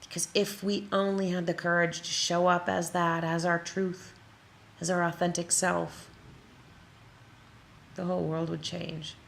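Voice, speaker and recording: A woman's voice: on the low side, little pitch movement, unhurried, creaky, long pauses, a little hiss or hum. A woman from Wisconsin giving a motivational talk as a creative coach, stressing her points in repeated phrases with playful asides. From Wisconsin, USA.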